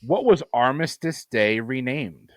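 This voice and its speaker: A man's voice: mid-range voice, lively intonation, a little slow, no room sound. Dry-witted man reading trivia questions. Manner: dry, teasing. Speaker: trivia quizmaster.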